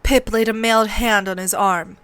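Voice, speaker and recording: Woman, read-along novel narration, measured, steady, mid-pitched, dry close mic. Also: no room sound.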